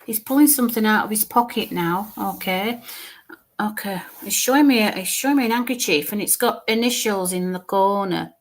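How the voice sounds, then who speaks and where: Halting woman medium. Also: medium pitch. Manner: halting, repeats words, describes what she sees, drops to murmurs. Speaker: medium giving a reading. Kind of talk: live mediumship reading.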